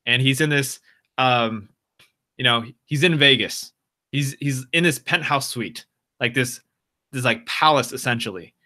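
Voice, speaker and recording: Man, bright tone, casual improvised storytelling, halting, repeats words. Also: mid-range voice. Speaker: live-stream host.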